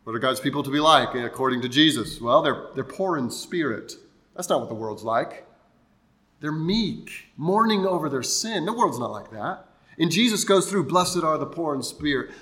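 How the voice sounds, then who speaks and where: Man, pastor, conversational sermon voice, slightly high, bright tone. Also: expressive, normal speed. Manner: explanatory, conversational preaching with restarts.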